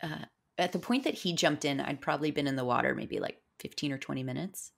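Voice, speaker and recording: Young woman guest on a podcast, super low voice with a gravelly fry, chatty rambling storyteller. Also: quick pace. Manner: chatty, animated storytelling with many fillers. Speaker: podcast guest, breathwork facilitator. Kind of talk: casual interview storytelling.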